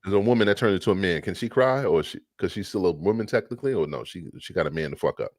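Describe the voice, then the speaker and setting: A man's voice: low voice, animated, fast talker, no echo, clean studio sound. A man co-hosting a podcast in casual chat, brash and profane, joking and arguing. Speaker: podcast co-host.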